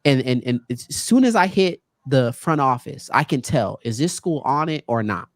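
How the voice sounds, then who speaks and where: A man working as a guest speaker tells stories casually in a podcast studio, animated and often impersonating other people in a raised voice. He has a mid-range, expressive voice at normal speed, with no room sound.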